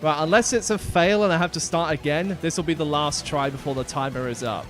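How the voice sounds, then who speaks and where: Streaming a video game live, a man chats casually as he plays, sometimes trailing off quietly. His voice is fairly high and brisk, heard over music.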